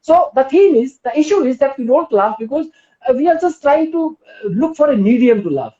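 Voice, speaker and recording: On a live stream, a woman with an Indian English accent teaches yoga, coaxing her audience persuasively and peppering them with questions. Her voice is high, animated, mellow and fairly quick. The phone or laptop mic gives roomy, dull, lo-fi sound.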